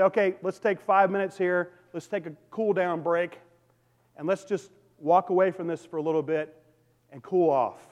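A man's voice: high voice, a little mellow, lo-fi sound. Man preaching in a reverberant hall. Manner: conversational preaching with audience call-outs. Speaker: pastor. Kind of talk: sermon. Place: church sanctuary.

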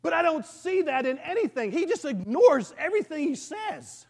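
A man's voice: very high-pitched, sing-song, normal speed, darkish tone. A man preaching a sermon, telling the story earnestly and often restarting his sentences. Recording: long reverb of a large hall.

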